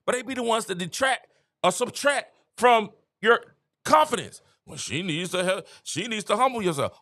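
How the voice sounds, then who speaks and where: High-voiced middle-aged man ranting. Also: brisk. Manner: animated, preachy, repeats phrases for emphasis. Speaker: live-stream show host. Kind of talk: casual opinion rant to viewers.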